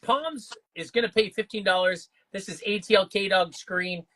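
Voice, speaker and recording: A man hosting a live comic book sale stream, upbeat and full of quick banter. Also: high voice, pushed and bright. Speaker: livestream auction host. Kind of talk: live sales stream chatter.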